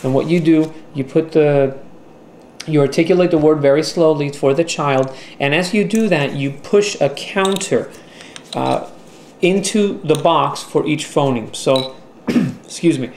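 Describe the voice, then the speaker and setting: A man talking through a teaching strategy in an instructional video, slow and deliberate, with the odd filler. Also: fairly high pitch, darkish tone, a little hiss or hum. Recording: echoey room with faint ambience.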